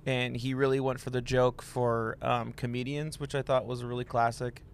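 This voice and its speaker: A man's voice: mid-range voice, flat delivery, normal speed, slight background noise. A man co-hosting a casual sports podcast, talking in a laid-back, rambling way with many fillers. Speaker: podcast co-host.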